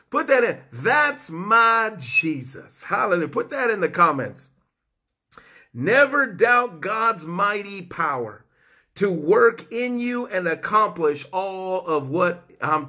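A man's voice: sits high, pushed and bright, husky. A man preaching a fervent live-streamed sermon, whooping and repeating his key phrases, greeting viewers by name. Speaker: online preacher.

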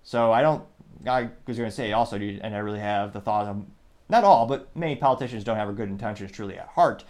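A man's voice: on the low side, fast, darkish tone. A man from the United States hosting a solo political commentary podcast, rambling and breaking off mid-sentence while reading listener comments aloud. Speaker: podcast host.

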